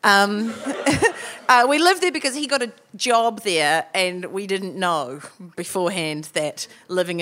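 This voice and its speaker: A woman's voice: fairly low pitch, a bit bright. A woman with a New Zealand accent hosting a live storytelling night on a theatre stage, chatty and full of fillers. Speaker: host.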